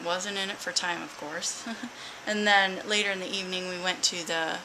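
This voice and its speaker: A woman's voice: lowish voice, fairly even intonation, moderate pace, noisy background. A woman talking casually into her camera for a weight-loss video diary, upbeat and chatty, poking fun at herself. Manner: chatty, upbeat, self-mocking. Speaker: vlogger.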